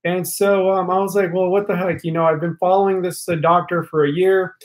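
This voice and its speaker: High-voiced chatty young man. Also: flat delivery, fairly quick, rough recording. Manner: rambling with many fillers and restarts; talkative, addresses viewers directly. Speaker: live stream host. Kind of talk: casual live stream chat. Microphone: studio mic held a little away from face.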